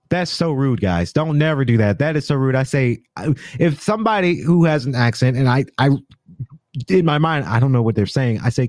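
A man's voice: fairly high pitch, big pitch swings, moderate pace, no room sound, clean studio sound. An American man hosting a podcast, giving casual commentary on tech news. He rambles, stumbles and often corrects himself mid-sentence. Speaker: podcast host.

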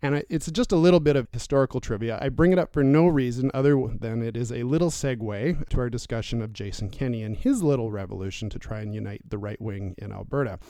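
A man hosting a political podcast from a newsroom studio, introducing guests with lively, jokey asides. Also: medium pitch, quick pace, hardly any pauses, no room sound. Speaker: podcast host.

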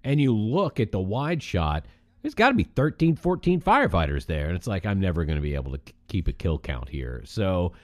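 Brief: male podcast co-host, low and very expressive, dry close sound. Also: a little fast, dry recording. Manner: animated, emphatic storytelling. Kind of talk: casual chat.

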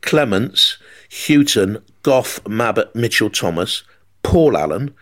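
A man hosting a football podcast, telling animated anecdotes and mimicking the people in them. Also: lowish voice, slow. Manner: animated anecdote-teller, mimics voices in his stories. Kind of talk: storytelling chat.

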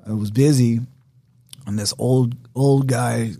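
A man's voice: medium pitch, steady tone, slow pace, creaky, warm tone, no echo, clean studio sound. Laid-back man rambling through a story. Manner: rambling, full of quoted dialogue and filler likes. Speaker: bartender telling stories. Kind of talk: casual storytelling chat.

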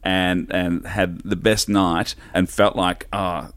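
A middle-aged Australian man spins self-deprecating stories, looping back and restarting as he goes. His voice sits low, and the recording is close and dry with no room sound. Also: little pitch movement, slow pace, fairly bright tone, dry recording. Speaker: stand-up comedian guest. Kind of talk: casual storytelling chat.

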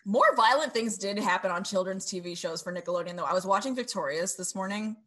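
A woman's voice: medium pitch, quick pace. A woman co-hosting a podcast, recapping a show in casual, profane chat. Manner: laughing, profane, lively recapping. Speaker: podcast co-host.

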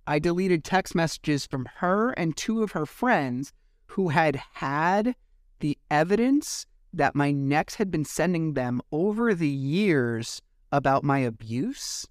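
A man's voice: a little high, animated, measured pace, no echo, studio quality. A man hosting a podcast, retelling events casually and animatedly, acting out quoted exchanges and swearing at times. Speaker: podcast host. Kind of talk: casual monologue recap.

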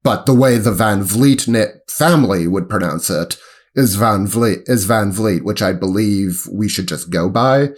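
Low-voiced man, halting podcast chat. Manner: halting, hesitant, lots of ums and self-corrections. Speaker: podcast co-host and sports writer. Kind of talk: casual chat.

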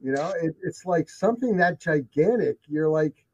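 A man's voice: a little high, expressive, moderate pace, darkish tone, slightly rough. A man telling his encounter stories in casual conversation, emphatic and repeating himself for effect. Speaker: guest telling of sightings. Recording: dull lo-fi sound.

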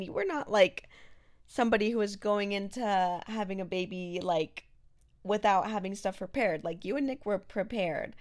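Reflective woman podcast host. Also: medium pitch. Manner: empathetic, reflective, uses "like" and "you know". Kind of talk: casual conversation.

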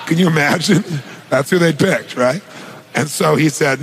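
Middle-aged male motivational speaker, gravelly, slightly high voice, lively retelling with rhetorical questions. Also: normal speed, slight background noise, rough recording. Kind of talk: storytelling on stage.

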